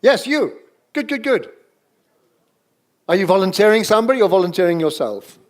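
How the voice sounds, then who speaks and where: A man's voice: high-pitched, moderate pace. A man leading an improvisation exercise in front of a live audience, coaxing people and calling out to them. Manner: energetic, coaxing, calls out to the audience. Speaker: workshop leader. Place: seminar room with a live audience.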